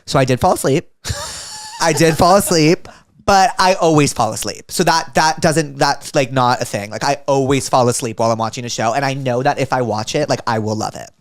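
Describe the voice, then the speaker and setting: A man hosting a podcast, asking quick playful questions and swearing casually in a chat. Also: medium pitch, no room sound. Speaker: podcast host.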